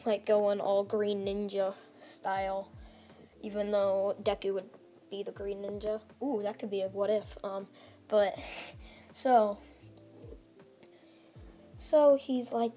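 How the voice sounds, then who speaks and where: A woman's voice: mid-range voice, little pitch movement, slow, long pauses, warm tone, soft background music. A woman casually retelling a fan-made story, rambling with lots of "like" and restarts.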